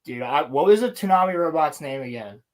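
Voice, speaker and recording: A young man co-hosting a casual podcast, talking about anime in an excited, rambling, slang-heavy way. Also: fairly high pitch, brisk. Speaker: podcast co-host. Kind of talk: casual chat.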